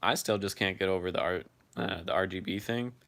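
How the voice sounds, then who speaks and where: A man's voice: low voice, brisk, gravelly, fairly bright tone. A man hosting a casual live chat, reading viewer comments aloud and answering them in a loose, freely swearing way.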